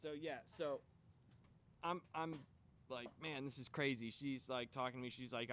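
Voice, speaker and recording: A man hosting a comic book channel, telling a long story in a casual, animated way and swearing when he gets worked up. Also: medium pitch, moderate pace, a little hiss or hum.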